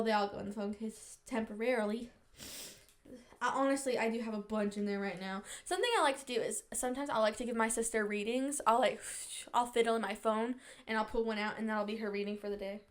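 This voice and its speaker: A young woman hosting a podcast in casual chat, talking fast and bubbly with lots of "like", a little sniffly. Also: on the high side, sharp tone. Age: young adult. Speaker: podcast host.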